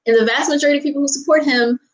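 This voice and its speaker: A woman's voice: high-pitched, steady tone, very fast, roomy sound, rough recording. An American woman vlogger chatting casually with viewers, ranting in exasperation, laughing and apologizing often. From United States. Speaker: vlogger answering viewer questions. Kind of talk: casual chat.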